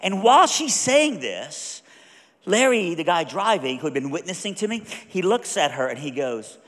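A man with a high voice tells a story from the pulpit, acting out each character as he goes. He drops to a hush and then builds to loud bursts. His voice rings through a large hall with a long reverb. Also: normal speed. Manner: animated storyteller, acts out voices, swings from hushed to loud. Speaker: preacher. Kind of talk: storytelling sermon.

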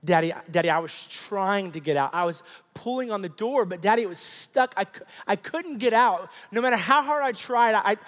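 A man's voice: sits high, animated, moderate pace, hardly any pauses, fairly bright tone, voice pushed up. A man voicing his frightened four-year-old son, sobbing and pleading to be let out of a locked room. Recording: long hall reverb.

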